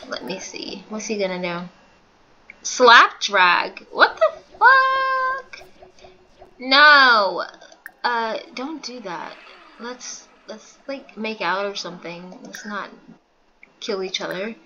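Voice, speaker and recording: A woman's voice: mid-range voice, takes it slowly, pushed and bright, dull audio. A young woman giving casual, giggly commentary over a life-sim game, reacting with stammers and exclamations. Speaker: gaming YouTuber.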